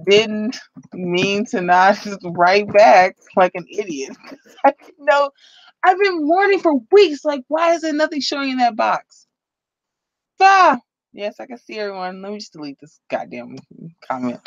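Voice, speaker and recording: A woman's voice: mid-range voice, big pitch swings, a little slow, long pauses, no echo, dull audio. A woman chatting on a live stream in a rambling, flustered way, often laughing at herself. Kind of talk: casual live-stream chat. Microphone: computer microphone.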